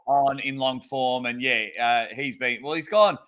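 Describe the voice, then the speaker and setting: A man's voice: medium pitch, unhurried, fairly bright tone. A man hosting a podcast, chatting casually and enthusiastically with his guests. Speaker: podcast host.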